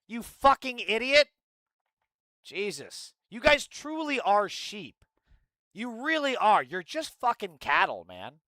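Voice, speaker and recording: Man, high voice, bright and edgy, ranting political streamer, swearing a lot. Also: huge pitch swings, slow, no room sound. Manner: profane, ranting, mocking chat. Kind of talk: angry political commentary stream.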